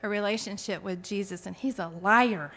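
With a medium-pitched, slightly bright voice at a moderate pace, a woman in her forties shares her personal faith testimony. She speaks earnestly and from the heart, with frequent restarts.

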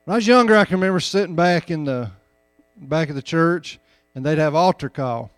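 A man preaching a sermon, moving between folksy personal stories and loud, emphatic calls to the congregation. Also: fairly high pitch, brisk, clean tone, no echo, clean studio sound, soft background music.

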